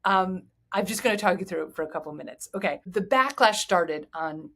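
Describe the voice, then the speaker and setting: A woman's voice: lowish voice, lively intonation, a little fast, fairly bright tone. A woman hosting a podcast in a chatty, candid, rambling way. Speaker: podcast host. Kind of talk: casual chat.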